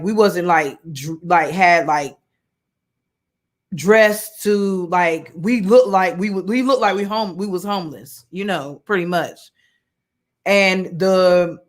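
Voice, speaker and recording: Woman preacher, casual storytelling sermon, rambling delivery. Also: mid-range voice. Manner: conversational, many fillers and restarts, colloquial. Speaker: women's Bible study teacher. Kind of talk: informal sermon with personal story.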